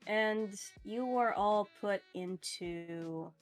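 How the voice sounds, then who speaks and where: Slow-paced woman game master. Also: mid-range voice, soft background music. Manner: slow, relaxed narration with fillers and laughs. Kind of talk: narrating a tabletop game.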